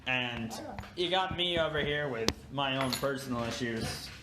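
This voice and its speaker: A man's voice: mid-range voice, a little slow, noisy background. A young man co-hosting a podcast, sleep-deprived and yawning, telling a rambling story full of fillers and restarts in casual chat. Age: young adult. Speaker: podcast co-host.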